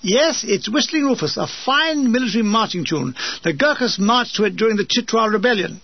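A man's voice: sits high, lively intonation, fairly quick, husky, dry recording, pitched above the performer's own voice, heavily acted. A man voicing a pompous, fussy British army major with hearty bluster. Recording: dull lo-fi dry recording.

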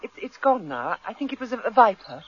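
A woman's voice: on the high side, sing-song, fairly quick. An actress playing a poised, wary woman writer in a radio drama, speaking in refined, clipped tones. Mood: alarmed. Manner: refined, clipped speech with nervous stammers. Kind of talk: 1970s radio drama acting. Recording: dull lo-fi radio recording.

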